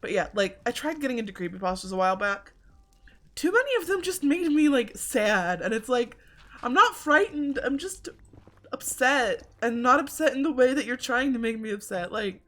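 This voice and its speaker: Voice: medium pitch, expressive, normal speed, bright, forceful tone. Rambling chatty game streamer. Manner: rambling, many filler likes; self-deprecating, chatty. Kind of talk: casual chat while playing a game.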